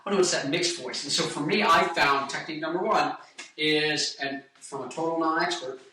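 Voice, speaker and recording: A man's voice: a little high, normal speed, bright, forceful tone, recorded from a distance, slight background noise. A man in his twenties, a singer, talking casually about vocal technique in a rambling, jokey way and breaking into sung snippets. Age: 20s. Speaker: singer and guitarist giving vocal tips. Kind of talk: casual vlog with sung demonstrations. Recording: echoey room, voice a bit off-mic.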